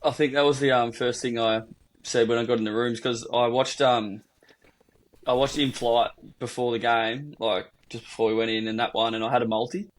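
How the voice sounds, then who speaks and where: A man's voice: medium pitch, fairly even intonation, moderate pace. A young Australian man co-hosting a podcast, telling a rambling, sweary story in casual chat. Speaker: podcast co-host.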